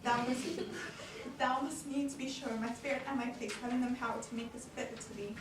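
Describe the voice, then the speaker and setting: Woman as an outraged older senator; high, roomy, distant stage sound with audience. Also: fairly even intonation, brisk, noisy background, lightly acted. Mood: indignant. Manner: indignant, exclaiming. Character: older male senator, an angry, alarmed father. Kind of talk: amateur stage acting.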